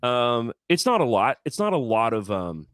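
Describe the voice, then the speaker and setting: A man in a casual podcast chat, telling stories as a guest musician, animated and stumbling over repeated words as he talks. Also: mid-range voice, normal speed, clear, resonant tone, no echo, studio quality.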